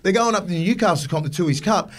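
A man in his forties with an Australian accent who speaks fast and a little high. He's blunt and swears freely, telling animated stories in a relaxed podcast conversation. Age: 40s. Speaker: guest, former rugby league player. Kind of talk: casual podcast chat.

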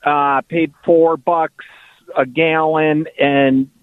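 A man's voice: a little high, flat delivery, extremely slow, no room sound. A male caller on a radio show, rambling good-naturedly through his complaints. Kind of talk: phone call to a radio show. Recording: tinny phone line.

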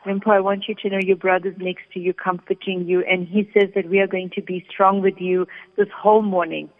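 A woman working as a psychic medium, calmly relaying messages during a radio reading. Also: mid-range voice, fairly quick. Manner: calm, steady, relays messages in first person. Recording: phone-like sound with long reverb.

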